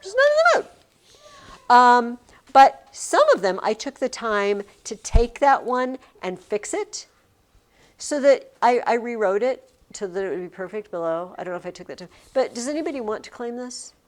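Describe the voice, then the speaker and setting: A woman teaching a class in a chatty, rambling way, cutting herself off and starting over. Her voice sits a little high. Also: moderate pace. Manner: chatty, rambling, self-interrupting.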